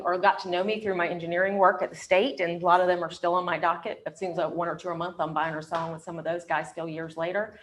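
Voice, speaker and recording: A woman's voice: medium pitch, a little hiss or hum. Chatty woman panelist with many ums. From North Carolina. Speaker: real estate agent, panelist. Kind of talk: personal story on a panel.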